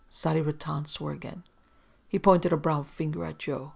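Brief: steady audiobook narrator with a gravelly voice, reading a mystery. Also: mid-range voice, normal speed. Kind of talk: scripted narration.

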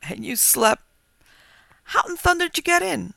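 A superstitious country farmer talks in a rustic drawl, as a man puts him on, his voice climbing high and loud as he gets worked up. The tone is bright with a gravelly edge. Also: normal speed, no room sound, exaggerated voice. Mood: excited. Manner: rustic dialect, quavering and excited. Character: excitable rural male farmer, superstitious.

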